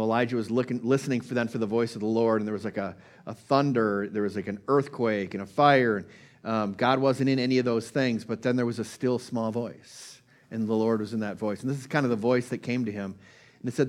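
Casual man preaching a sermon. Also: medium pitch. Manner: conversational, many fillers and restarts.

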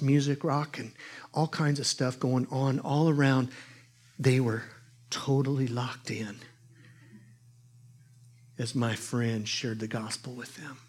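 A man preaching a sermon, telling a story with animated swings between loud exclamations and hushed asides. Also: mid-range voice, husky.

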